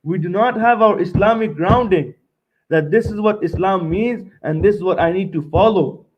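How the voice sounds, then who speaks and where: A man's voice: sits high, normal speed, husky. Emphatic young man lecturing, lo-fi. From Montreal, Canada. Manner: emphatic, repeats points, tags lines with "right?". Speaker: seminar lecturer. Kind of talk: seminar lecture.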